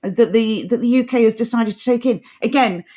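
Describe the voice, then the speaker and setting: A woman's voice: a little high, a little fast, dark tone. A woman co-hosting a live political talk show, speaking with an impassioned, ranting delivery. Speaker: co-host.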